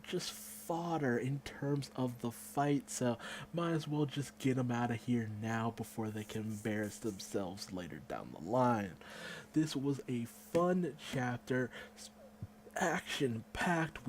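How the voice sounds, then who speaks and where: A man giving a casual, excitable manga chapter review, swearing freely and acting out the characters' lines. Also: mid-range voice, a little hiss or hum.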